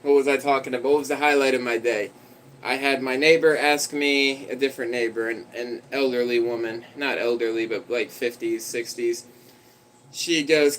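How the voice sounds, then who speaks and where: A man's voice: mid-range voice, fairly even intonation, normal speed, fairly bright tone, slight background noise, rough recording. A man livestreaming, telling a story in a rambling, conversational way and talking to his dog.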